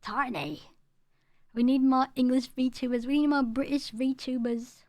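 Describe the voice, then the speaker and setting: Chatty high-voiced woman streamer. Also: steady tone, measured pace, a little mellow, dry recording, studio quality. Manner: chatty, rambling, repeats herself; tones down her home accent. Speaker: VTuber streamer. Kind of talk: casual live-stream chat, reading chat aloud.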